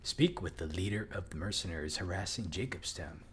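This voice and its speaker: A man casually commenting on his own gameplay as a let's play host, rambling and swearing with excited outbursts. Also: low-pitched, brisk, slight background noise.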